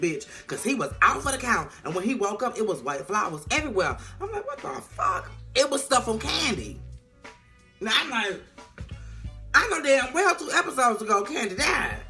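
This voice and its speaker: Vlogger, TV recap, casual chat, slangy and profane, bright voice, faint music. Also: mid-range voice. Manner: animated, profane, slang-heavy storytelling.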